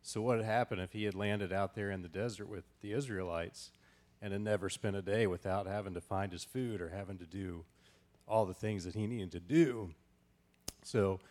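Man with a low voice, chiming in during a group discussion, measured and reflective. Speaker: group member. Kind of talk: casual comment in a group discussion.

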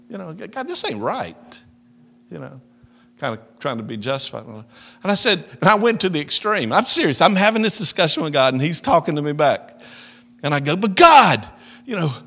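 A man preaching a sermon, telling folksy stories about himself and acting out the dialogue. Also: fairly high pitch. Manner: animated, folksy storyteller who acts out dialogue and laughs at himself. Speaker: pastor. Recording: long hall reverb.

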